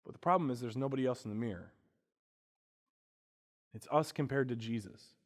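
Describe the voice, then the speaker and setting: A male pastor giving a conversational sermon, swinging between hushed, quiet moments and emphatic, raised passages. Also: mid-range voice, a little fast.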